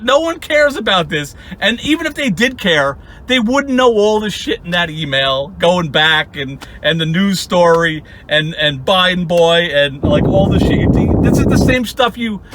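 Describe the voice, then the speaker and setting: A man's voice: sits high, a bit bright, a little hiss or hum. A young man hosting his channel, ranting at someone in sarcastic, profane commentary and laughing often. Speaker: channel host.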